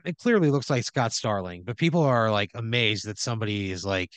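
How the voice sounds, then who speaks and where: A man's voice: lowish voice, fairly quick, fairly bright tone, clean tone, dry recording. A man on a comedy podcast telling a long improvised hypothetical, rambling with lots of "like" and "right?".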